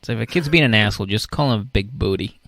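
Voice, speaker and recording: Gravelly-voiced man, animated comedic recap. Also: fast, no room sound, clean studio sound. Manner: animated, acts out characters in high squeaky voices. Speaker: podcast co-host. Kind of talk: casual comedic recap chat.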